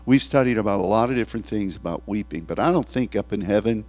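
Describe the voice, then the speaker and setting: A man's voice: lowish voice, fast talker. Tearful male pastor preaching with mains hum. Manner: animated, acts out quoted voices, laughs between lines. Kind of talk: sermon.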